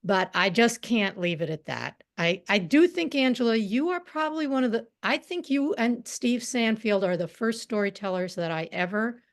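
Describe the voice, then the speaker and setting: A woman's voice: on the high side, expressive, normal speed, hardly any pauses. A woman hosting a storytelling event, enthusiastically introducing the next teller over a video call. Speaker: event host.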